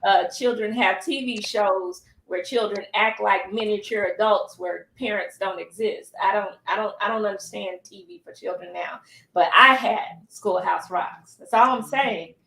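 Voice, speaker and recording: A woman's voice: medium pitch, moderate pace, vocal fry, bright, forceful tone. A woman co-hosting a talk show, giving chatty, opinionated commentary. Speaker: co-host. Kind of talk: casual talk show chat. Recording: echoey room with faint noise.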